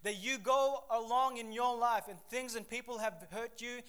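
A male preacher from Papua New Guinea delivering a sermon, reading scripture and telling lively stories with sudden swings in loudness. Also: very high-pitched, moderate pace, clear, resonant tone. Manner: animated storytelling with shifting loudness, acts out voices.

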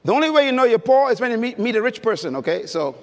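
Very high-voiced and very animated, a man preaches quickly and emphatically at a conference, telling stories and prompting listeners with questions. His voice trails in the long reverb of a large hall.

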